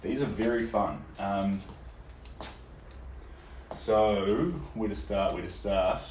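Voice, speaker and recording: A young New Zealand man with a fairly low voice talks in a relaxed, chatty way, with plenty of ums as he works. He answers viewers during a live painting stream in his studio. The sound is roomy and a little distant, with faint noise underneath. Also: slow pace. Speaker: artist livestreaming a painting session. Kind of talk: casual live-stream chat while painting. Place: indoor art studio.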